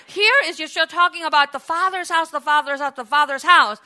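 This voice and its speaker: A woman preaching a sermon and reading scripture, fervent, rising to loud exclamations and asking her listeners questions she then answers. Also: sits high, brisk, few pauses.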